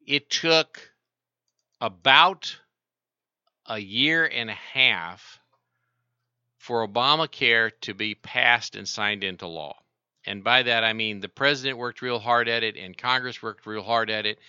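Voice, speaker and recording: Male talk-radio host, explanatory and rambling, crisp tone, dry sound. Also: medium pitch, measured pace, pushed and bright, dry recording, dull audio. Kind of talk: call-in radio talk about markets.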